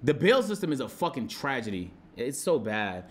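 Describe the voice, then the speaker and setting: A young man streaming live, telling a story to his chat in a profane, excitable way and acting out shouted quotes. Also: mid-range voice, moderate pace.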